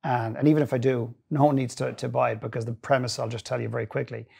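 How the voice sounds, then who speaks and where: A middle-aged man speaks as an interview guest, telling his stories earnestly and with plenty of life. His voice is gravelly and husky, and he often stops to restart a sentence. He sits at a middle pitch for a man. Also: fast talker. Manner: earnest, animated storytelling with frequent restarts. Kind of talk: storytelling in a long-form interview.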